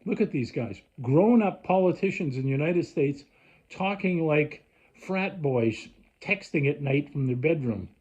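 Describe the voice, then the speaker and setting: A man rants at the camera, rambling and restarting as he gets worked up. His voice is husky, dark and a little raised in pitch. The recording sounds dull and lo-fi. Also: lively intonation, a little slow. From Canada. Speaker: vlogger. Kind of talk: rambling casual rant.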